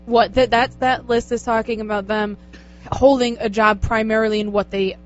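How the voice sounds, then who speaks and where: A woman's voice: on the high side, fairly even intonation, moderate pace. A woman co-hosting a radio show in casual chat, asking questions and laughing often. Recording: dull lo-fi radio stream with faint music.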